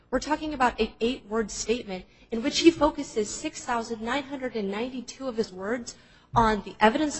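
A woman serving as government counsel, giving a formal, measured oral argument in a courtroom. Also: medium pitch, breathy edge, low-quality recording. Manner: measured, structured legal argument.

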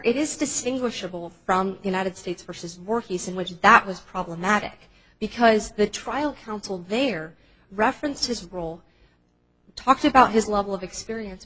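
A woman lays out a structured legal argument before judges, in a husky, slightly breathy voice at a middle pitch. Her delivery is formal and measured, point by point. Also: a bit bright, low-quality recording. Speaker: appellate government counsel. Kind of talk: formal courtroom oral argument. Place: courtroom.

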